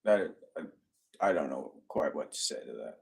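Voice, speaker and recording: A man's voice: rumbling low, lively intonation, a little slow, vocal fry. A man co-hosting a casual live stream from a home bar, reading out viewer comments and laughing often. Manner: upbeat, laughs often, talks to his dogs.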